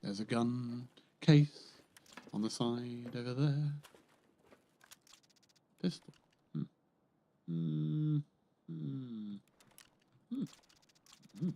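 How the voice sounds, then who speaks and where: A man's voice: medium pitch, very slow, creaky, pauses often, dark tone, slight background noise. A man chatting casually while playing a game on a livestream, muttering to himself and swearing dryly, close to his microphone. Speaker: streamer. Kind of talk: casual gameplay livestream commentary.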